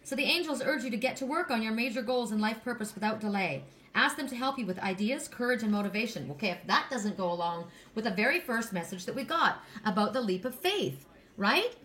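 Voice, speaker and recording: A woman's voice: a little high, lively intonation, fairly quick, a bit bright. A middle-aged woman doing an oracle card reading, talking in a rambling, chatty, gushing way. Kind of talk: casual card reading monologue.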